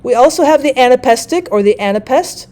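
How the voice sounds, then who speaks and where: High-pitched, animated and mellow, a woman's voice explains a lesson in careful order. She reads the examples out slowly.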